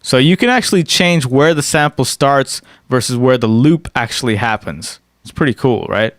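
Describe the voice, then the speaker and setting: A man's voice: medium pitch, lively intonation, moderate pace. A man giving a casual screen-recorded music production tutorial. He explains step by step and often checks in with "right?".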